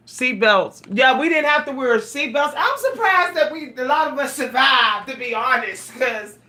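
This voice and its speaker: A woman's voice: high voice, pushed and bright. A middle-aged woman, talking casually and animatedly to her viewers, laughing and exclaiming often. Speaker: vlogger. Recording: echoey room, voice a bit far from the mic.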